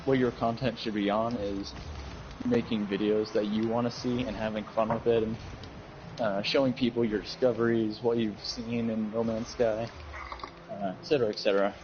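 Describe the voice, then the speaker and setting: A man with a lowish voice chats casually as a co-host, his phrasing loose and halting with fillers. The sound is dull and lo-fi. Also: little pitch movement, background noise. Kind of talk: casual chat.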